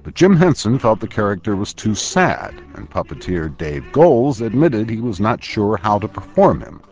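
A male news reporter giving a scripted narration of a feature, measured and a little wry. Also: lowish voice, sing-song, a little mellow, lo-fi sound.

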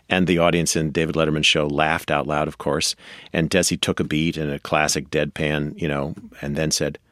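A man as a radio interview guest, telling history in a measured, storytelling way. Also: extremely low pitch, a bit bright, no room sound, clean studio sound.

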